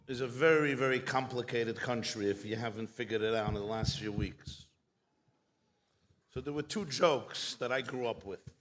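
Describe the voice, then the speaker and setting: A man's voice: mid-range voice, a bit bright. A man who is a rabbi, giving a keynote speech full of jokes and stories. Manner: storytelling with jokes, unhurried.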